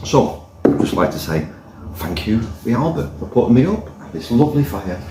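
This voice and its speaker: A man's voice: medium pitch, sing-song, moderate pace, very noisy. A man reviewing a pint in a pub, chatting in a rambling, jokey way. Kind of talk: casual review with a joke. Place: indoors in a pub by the fire. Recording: roomy pub echo.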